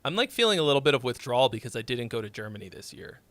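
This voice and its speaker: A man's voice: mid-range voice, big pitch swings, rapid-fire, a bit bright, slight background noise. A man hosting a livestream where he reviews listeners' songs, talking in a casual, rambling, offhand way. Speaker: music critic streaming live song reviews.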